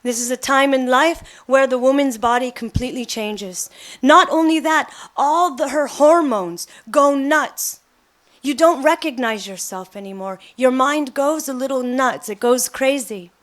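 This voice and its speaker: A woman's voice: sits high, a little slow. A middle-aged woman giving a devotional talk, telling personal stories and acting out the quotes. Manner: animated storytelling, acts out quotes. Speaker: devotional speaker.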